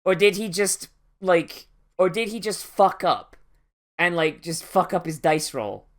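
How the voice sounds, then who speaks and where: A man's voice: sits high, unhurried. Man swearing casually while reacting to anime. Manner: rambling, sweary, sarcastic.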